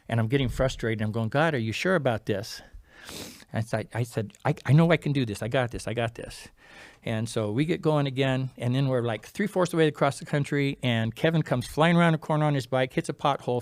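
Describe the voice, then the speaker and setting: A man, a guest on a talk show, tells a personal story in a lively way, acting out the other people's lines and dropping to a hush at key moments. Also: mid-range voice, dry recording. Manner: animated, acts out quoted dialogue; drops to a quiet, hushed tone at key moments. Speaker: podcast guest. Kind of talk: storytelling in casual interview.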